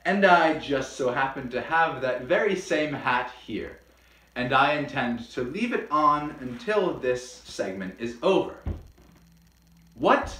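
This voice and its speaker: A man's voice: mid-range voice, animated, a little slow, sharp tone. Playful man hosting a history lesson. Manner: playful, with mock-dramatic outbursts. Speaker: history video host. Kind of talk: scripted history lesson with jokes. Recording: roomy echo.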